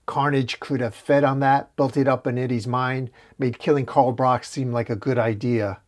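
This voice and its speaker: A man voicing a woman bonded with a symbiote, calm and steady, in a serious, level tone. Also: medium pitch, moderate pace, natural voice.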